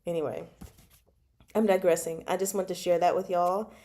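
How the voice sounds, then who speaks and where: A woman's voice: on the low side, fairly even intonation, moderate pace, warm tone. A woman chatting casually about a novel she is reading, digressing often and laughing between remarks. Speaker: book club host.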